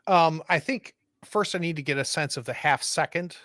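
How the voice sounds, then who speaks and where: A man with a fairly high, bright, tense voice plays a tabletop role-playing game. He describes his character's moves with many stumbles and restarts, and he jokes at his own expense. The sound is dry and close to the mic. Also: moderate pace, no echo. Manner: hesitant, stumbling, self-deprecating. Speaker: player.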